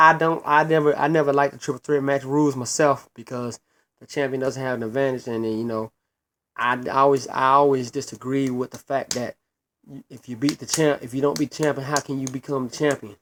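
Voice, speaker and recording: A man's voice: medium pitch, steady tone, a little fast, pushed and bright. A man reviewing wrestling shows in a casual solo rant, blunt and profane, stumbling and repeating words as he gets worked up.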